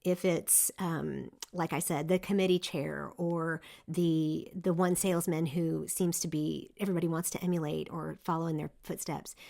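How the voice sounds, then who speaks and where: Middle-aged female host, slightly low voice, animated motivational delivery with restarts. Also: gravelly. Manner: lively, emphatic, with frequent restarts. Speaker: podcast host. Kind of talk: motivational leadership talk. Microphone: seen on video, single speaker.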